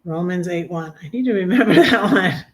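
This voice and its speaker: A woman hosting a live stream, chatting casually and reading her own poetry, soft-spoken and often trailing off into a hushed murmur. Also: on the low side, expressive. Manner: halting, with frequent restarts and trailing off.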